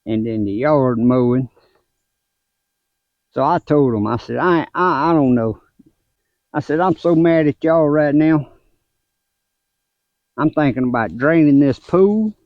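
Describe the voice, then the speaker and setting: An older man with a drawl tells a folksy family story in a slow, unhurried way, with easy laughs in between. His voice sits in a middle pitch. The sound is dry and slightly muffled, like a lo-fi recording made outdoors. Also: no echo. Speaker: gardening vlogger and grandfather. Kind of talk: casual storytelling vlog. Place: outdoors in a garden.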